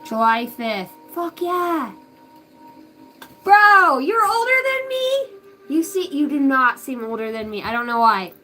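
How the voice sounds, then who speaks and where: High-voiced rambling profane woman. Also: big pitch swings, a little slow, faint music behind. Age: 30s. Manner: rambling and profane, swinging between loud outbursts and soft asides. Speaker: psychic medium. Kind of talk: casual live reading.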